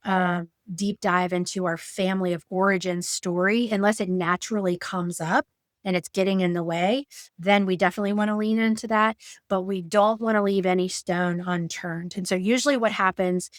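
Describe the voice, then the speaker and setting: A woman coach explains her approach in a loose, conversational way, dropping in fillers and acting out little quotes. Her voice sits at an ordinary middle pitch. The recording is dry and close, with no room sound. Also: fairly even intonation, normal speed, dry recording. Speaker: betrayal trauma coach. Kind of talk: educational talk with personal examples.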